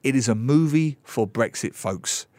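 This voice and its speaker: A man in his forties, a radio guest, talks films in a casual, animated and sarcastic way with mocking asides, on a studio microphone. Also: medium pitch, measured pace, no echo. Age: 40s. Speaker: radio guest and film commentator.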